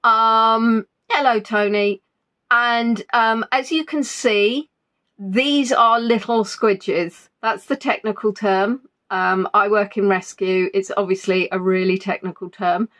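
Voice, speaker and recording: Speaking slowly in a steady, fairly bright, medium-pitched voice, a woman hosts a relaxed livestream from home. She chats in a rambling, self-deprecating way while still getting over an illness.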